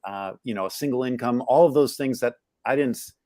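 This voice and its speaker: A man's voice: medium pitch, fairly quick, dark tone, no echo, clean studio sound. A middle-aged man as a guest on a live interview, reflecting candidly on his upbringing, searching for words as he goes. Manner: candid, searching, many restarts and fillers. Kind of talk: reflective personal storytelling.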